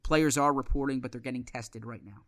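Male podcast co-host, measured delivery with restarts, bright tone. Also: medium pitch. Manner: measured, many restarts and fillers. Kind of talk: casual sports podcast chat.

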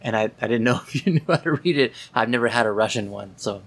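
A man's voice: medium pitch, expressive, quick pace, vocal fry, slightly rough. A man hosting a casual podcast chat, blunt and opinionated, asking pointed questions. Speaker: podcast host.

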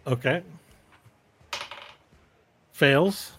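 A man running a tabletop game, narrating the action in a relaxed, chuckling way. His voice has a bright, sharp edge, pitched mid-range. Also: very slow, slight background noise. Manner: laid-back, laughing narration with restarts. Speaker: game master.

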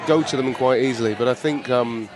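A man's voice: mid-range voice, a little fast. A man, an actor guest, chatting casually and laughing at himself. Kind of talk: casual chat, joking. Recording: crowd noise around.

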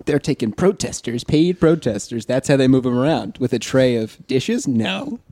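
A man's voice: medium pitch, sing-song, moderate pace, mellow, no room sound. A man co-hosting a comedy podcast and joking wryly along. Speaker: podcast co-host.

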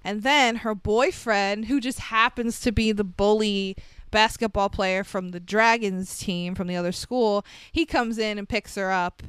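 A woman's voice: medium pitch, steady tone, measured pace, fairly bright tone, smooth, dry recording. A woman casually recapping a movie plot in a wry, chatty way, laughing often. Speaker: podcast co-host.

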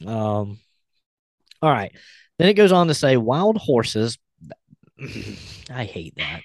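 A man's voice: mid-range voice, wildly swooping pitch, slow pace, no echo, studio quality. A man hosting a podcast, chatting casually and reading a post aloud with blunt, wry remarks. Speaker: podcast host.

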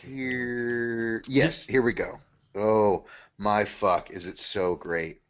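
A man's voice: fairly low pitch, flat delivery. A man co-hosting a casual chat, joking crudely and teasing his friends. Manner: joking, crude, quick to tease. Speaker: podcast co-host. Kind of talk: casual banter.

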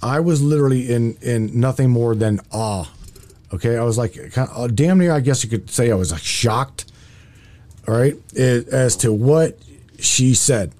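Man hosting a call-in show, dark mellow voice, halting, repeats himself. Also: mid-range voice. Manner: halting, repeats words, restarts often. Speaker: radio call-in host. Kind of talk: casual open-line talk show. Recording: call-in show over phone lines.

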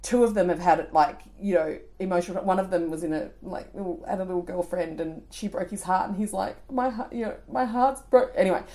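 A woman's voice: fairly low pitch, quick pace, hardly any pauses. A woman in her forties with an Australian accent, co-hosting a podcast and telling a story in casual chat. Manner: animated storytelling, laughing, acting out voices. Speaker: podcast co-host.

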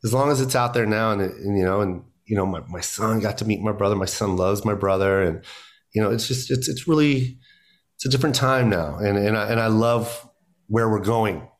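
A man who is a guest comedian, speaking in a casual podcast conversation, animated and emphatic, with his voice jumping up when he makes a point and many "you know"s. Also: lowish voice, brisk.

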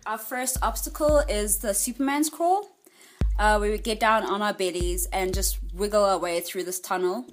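A woman's voice: mid-range voice, moderate pace, a little hiss or hum. A woman archaeologist on a video call from a cave, describing a route step by step. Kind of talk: interview. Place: underground cave.

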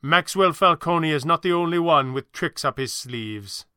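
A man voicing a smug, ruthless male crime boss who threatens in a calm, measured way. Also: fairly high pitch, clear, resonant tone, dry recording, studio quality.

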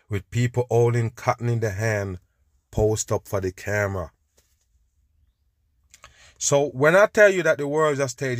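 This podcast host has a lowish voice, captured with clean studio sound and no room tone. He reacts to video clips with a scornful, preachy rant, repeatedly saying "people" to his listeners.

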